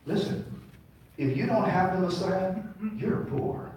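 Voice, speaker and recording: A man's voice: high-pitched, expressive, normal speed, a little mellow. A man preaching a sermon as a rabbi, leading call-and-response with his congregation. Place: large congregation hall. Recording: echoey hall, mic far off.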